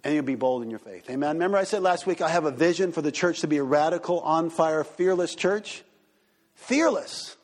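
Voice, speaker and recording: A man pastor teaching a church group and taking questions, animated and acting out quoted voices. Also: on the high side, fast talker, hardly any pauses. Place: church hall. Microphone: handheld microphone. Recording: reverberant hall.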